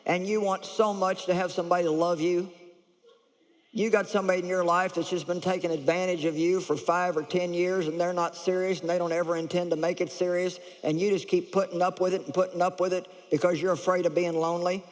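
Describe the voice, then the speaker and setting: A woman's voice: lowish voice, little pitch movement, fairly quick. Brief: candid, punchy woman preacher, live in a big echoing hall. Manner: blunt, humorous, chuckles often. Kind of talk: lively sermon. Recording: echoey large hall.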